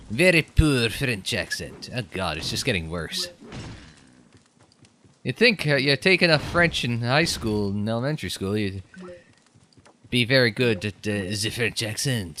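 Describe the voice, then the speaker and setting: Young man, casual let's-play commentary, sarcastic jokes, bright voice, lively swings in pitch. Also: normal speed, long pauses, a little hiss or hum. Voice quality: joking, sarcastic, rambling. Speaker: game commentator.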